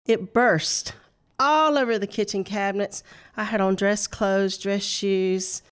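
A woman's voice: medium pitch, fairly even intonation, takes it slowly, smooth. A middle-aged woman, laughing often as she tells a personal story on a faith talk show. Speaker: guest.

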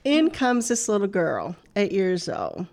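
A woman's voice: mid-range voice, very animated, measured pace, a little mellow. A middle-aged woman, laughing often as she tells a personal story on a faith talk show. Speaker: guest.

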